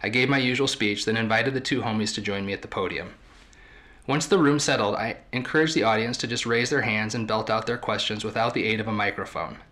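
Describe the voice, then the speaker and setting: A podcast host reading a story aloud from a book in a measured, storytelling way. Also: male voice, lowish voice, bright, forceful tone.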